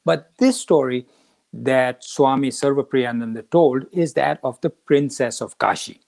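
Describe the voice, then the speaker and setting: A man's voice: medium pitch, measured pace, vocal fry, darkish tone. A man hosting a spiritual talk, retelling a story in a casual way and acting out the characters' lines. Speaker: podcast host.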